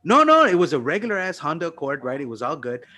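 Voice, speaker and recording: A man's voice: fairly high pitch, wildly swooping pitch, quick pace, bright, forceful tone. A man, a comedian co-hosting a podcast, telling a long anecdote in loose, profane casual chat, often checking in with "right?" and "you know what I mean".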